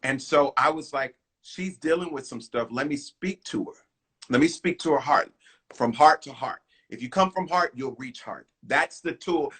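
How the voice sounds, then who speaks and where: Lively, husky-voiced man telling a story. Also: mid-range voice. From Houston. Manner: lively storyteller, acts out quotes, breaks into song. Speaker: guest singer. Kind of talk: animated storytelling in an interview.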